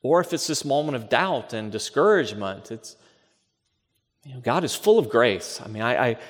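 A male pastor delivers a sermon in a middle-pitched voice, pressing his points with rhetorical questions and repeated phrases. His words ring out with a long, trailing reverb, as if in a large hall. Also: lively intonation, normal speed.

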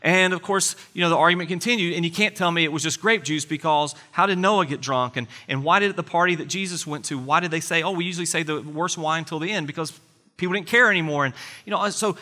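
A man's voice: on the high side, quick pace, bright, forceful tone, long reverb tail. A man preaching a sermon as a pastor, earnest and conversational, asking his listeners rhetorical questions.

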